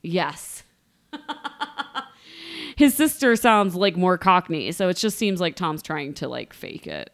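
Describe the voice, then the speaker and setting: Animated, lower-voiced gossipy woman. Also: takes it slowly, creaky, long pauses. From Columbus, Ohio, USA. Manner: chatty and gossipy, laughing often. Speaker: podcast co-host. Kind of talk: casual reality-TV recap chat.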